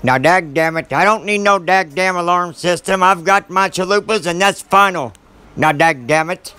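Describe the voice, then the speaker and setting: A man voicing a blunt, cantankerous old man who talks gruffly and folksily, with mild cussing. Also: sits high, moderate pace, pushed and bright. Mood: grumpy.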